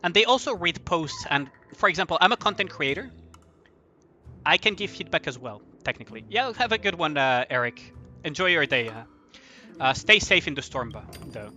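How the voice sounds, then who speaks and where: A man's voice: on the high side, very animated, normal speed, bright, forceful tone, soft background music. A man streaming a game and chatting casually with viewers, rambling and often asking "right?" as he talks. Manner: rambling, repeats "right?" and "at the end of the day". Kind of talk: casual chat while playing a game.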